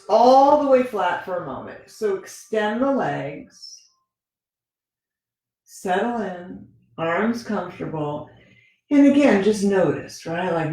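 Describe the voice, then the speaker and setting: A woman teaching a gentle yoga class, talking the students through each pose in a relaxed, conversational way and often checking in with "right?". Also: lowish voice. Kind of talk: guided yoga instruction. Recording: very echoey room with faint music.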